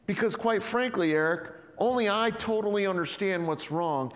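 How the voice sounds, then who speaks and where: Middle-aged male pastor, higher-pitched voice, animated conversational sermon, long hall reverb. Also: moderate pace, few pauses. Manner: animated, conversational preaching with sudden drops to quiet emphasis.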